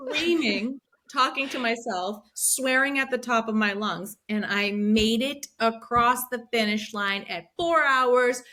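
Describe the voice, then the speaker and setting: A woman in her thirties, a podcast guest, telling a story in a casual, animated way, swearing freely and acting out her own quotes. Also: fairly high pitch, moderate pace, hardly any pauses, slight background noise.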